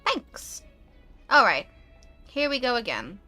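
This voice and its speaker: A woman's voice: mid-range voice, normal speed, faint music behind. A young woman streaming a game, reading it aloud with chatty asides. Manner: chatty, animated asides, talks with food in mouth.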